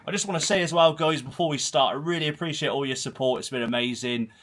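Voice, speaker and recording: A man's voice: on the high side, quick pace, fairly bright tone. Male host in his thirties with a Herefordshire and Gloucestershire accent, chatty and rambling, streaming from a small home room. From Herefordshire, England. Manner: rambling, chatty, self-deprecating. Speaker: host of a football channel livestream. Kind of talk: casual solo livestream chat, reading comments. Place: small dark home room full of football shirts.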